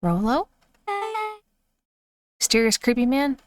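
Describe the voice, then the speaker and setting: A woman's voice: a little high, lively intonation, takes it slowly, no echo. A woman streamer chatting and reacting aloud as she plays through a story game. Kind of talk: casual game playthrough.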